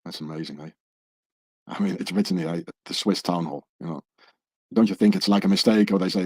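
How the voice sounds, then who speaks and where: A man's voice: low voice, brisk, warm tone, husky, no room sound. A man presenting a podcast talk, rambling through a conspiracy theory and tagging his points with a questioning "eh?". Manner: tags statements with questioning "eh?". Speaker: podcast presenter showing pages on screen.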